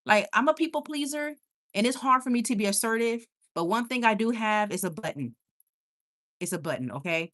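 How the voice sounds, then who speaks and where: A young woman hosting a casual live stream, reading viewer comments aloud and reacting in an animated, emphatic way, quick to laugh and often repeating herself. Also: fairly high pitch.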